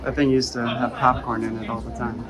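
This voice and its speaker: A man's voice: mid-range voice, level tone, a little fast. Laid-back young man vlogging nostalgically. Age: 20s. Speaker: gaming vlogger host. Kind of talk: casual walking vlog narration.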